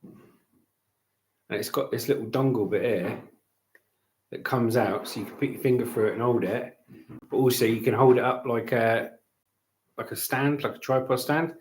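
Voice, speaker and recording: A man's voice: mid-range voice, moderate pace, pauses often, darkish tone, echoey room, slight background noise. A middle-aged man hosting a casual home livestream, bantering and reading out chat messages. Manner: cheeky, banter-filled, reads out chat messages. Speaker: livestream host.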